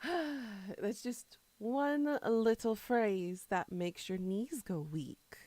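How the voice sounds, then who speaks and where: A woman's voice: medium pitch, very slow, mellow, no echo. A woman streamer chatting casually with her viewers, rambling between topics and answering chat while she eats.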